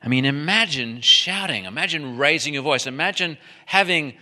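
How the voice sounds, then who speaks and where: A man preaching a sermon in an animated, emphatic way, often restarting his sentences. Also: fairly high pitch, moderate pace, few pauses.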